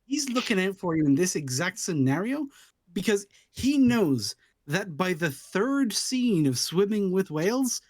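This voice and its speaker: A man's voice: sits high, big pitch swings, a little slow, darkish tone, dry recording. A sarcastic man whose voice swings up and down a lot, cursing his way through a casual podcast chat. The recording is dry, with no room sound. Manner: sarcastic, profane. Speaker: podcast co-host. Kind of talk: casual movie review chat.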